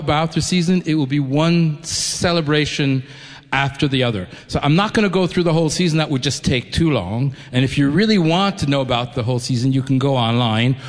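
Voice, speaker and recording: A man who grew up in New York, speaking enthusiastically and conversationally to a concert audience, with frequent restarts. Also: a little high. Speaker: orchestra executive addressing a concert audience. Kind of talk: live speech to an audience. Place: concert hall. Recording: long hall reverb.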